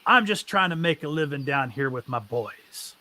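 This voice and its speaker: A man voicing a huge, wary male bandit leader who talks in booming, drawn-out commands. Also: lively intonation, pushed and bright.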